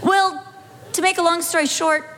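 A woman's voice: very high voice, steady tone, moderate pace. A middle-aged woman, a pastor's wife, telling a humorous personal story and acting out scenes with sudden dramatic shifts. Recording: echoey hall with faint background noise.

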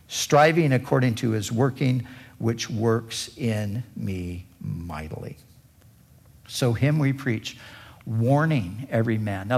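Slow, gravelly-voiced male preacher. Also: on the low side, a little mellow. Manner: deliberate preaching with emphatic repetition. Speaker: pastor. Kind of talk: sermon.

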